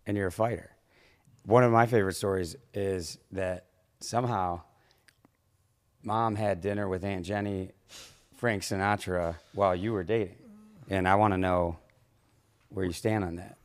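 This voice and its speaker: A man hosting a podcast in relaxed, teasing casual chat. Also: deep voice, normal speed, pauses often. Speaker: podcast host.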